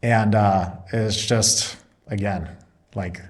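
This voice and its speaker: A man's voice: on the low side, steady tone, slow. A man being interviewed, a Marine reservist and business owner, telling a story in casual chat and acting out both sides of the dialogue.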